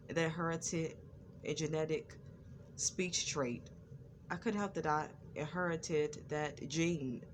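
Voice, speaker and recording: A woman's voice: low-pitched, slight background noise. A woman vlogger talking to her viewers, stuttering at times and repeating words and phrases in an earnest, preachy way. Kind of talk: personal talk to camera.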